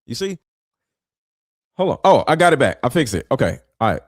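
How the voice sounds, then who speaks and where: A man doing casual, blunt reaction commentary as a streamer, full of slang and loud laughing outbursts. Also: mid-range voice, very animated, brisk, no echo, studio quality.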